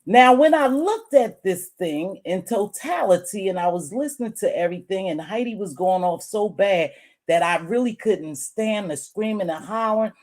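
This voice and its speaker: A woman's voice: mid-range voice, lively intonation, normal speed, darkish tone. A woman giving a casual commentary monologue, chatty and musing, repeating her points and chewing gum as she talks. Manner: chewing gum while talking. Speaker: YouTube commentator.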